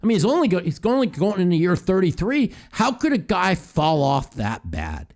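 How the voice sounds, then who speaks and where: A man hosts a call-in talk show. His slightly high voice swings in a lively, animated way, and he rants heatedly with plenty of swearing. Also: normal speed. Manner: profane, heated ranting with mocking quotes.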